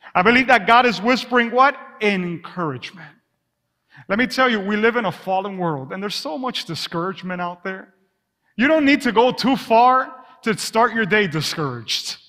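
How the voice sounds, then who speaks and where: Man, pastor, sermon, call-and-response, bright tone, long hall echo. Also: high voice. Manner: call-and-response preaching, drops to a hush on "whisper"; energetic storytelling with acted asides.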